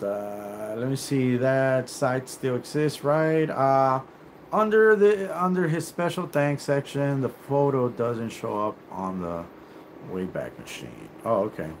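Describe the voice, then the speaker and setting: A livestream host rants live in a slightly high voice, profane, confrontational, and rambling, with lots of fillers and restarts. There's slight background noise.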